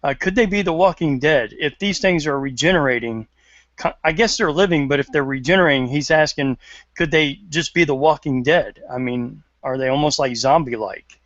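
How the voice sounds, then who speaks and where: A man hosting a live show, reading viewer questions in a casual, halting way. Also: on the high side, a bit bright, no room sound. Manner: halting, many fillers. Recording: dry, dull stream audio.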